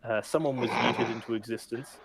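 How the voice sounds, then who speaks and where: A man's voice: mid-range voice, fairly even intonation, a little fast, gravelly, breathy edge. A man casually recapping the last session of a tabletop game, rambling with many fillers and laughs. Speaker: game master.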